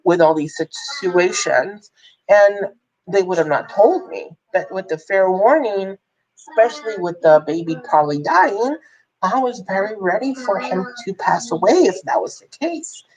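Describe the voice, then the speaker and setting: A woman's voice: mid-range voice, animated, unhurried, darkish tone, low-quality recording. A woman vlogger telling a personal story in a candid, rambling way, full of fillers and restarts.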